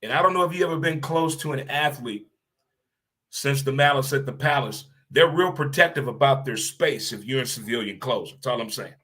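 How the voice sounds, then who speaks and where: Male podcast host, solo rant, mid-pitched, blunt and emphatic, repeats lines for effect. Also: normal speed, sharp tone. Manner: blunt, occasional swearing.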